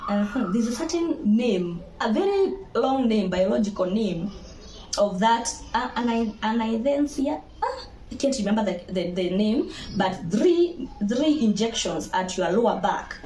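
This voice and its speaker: A young Kenyan woman with a Kenyan accent, telling her own birth story to viewers in a lively, laughing way and slipping into Swahili. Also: fairly high pitch, unhurried, a little hiss or hum. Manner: animated, laughing, mixes Swahili into English. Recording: echoey room.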